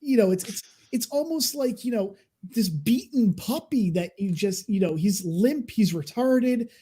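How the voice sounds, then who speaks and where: A man's voice: high-pitched, lively intonation, a little slow, warm tone, slight background noise. A man in his thirties co-hosting a casual online chat show, ranting in a sweary, sarcastic way. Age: 30s. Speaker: podcast co-host.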